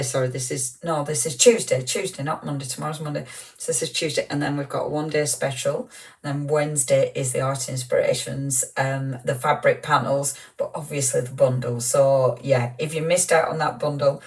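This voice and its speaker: A woman's voice: deep voice, distant mic, rough recording. A woman presenting a live craft show in a chatty, gushing, rambling way, full of ums and little laughs.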